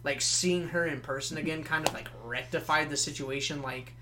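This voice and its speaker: A man's voice: fairly high pitch, fairly even intonation, moderate pace, noisy background. A man in his twenties telling a story in casual, profane podcast chat. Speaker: podcast guest.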